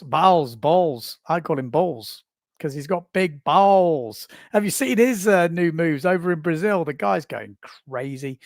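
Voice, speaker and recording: A man hosts a live stream from a small booth and chats casually as he reads out viewer comments. His voice sits a bit high, and the close mic gives a dry sound with no room echo. He laughs easily and pokes fun at himself. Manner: chatty, self-mocking, laughs often.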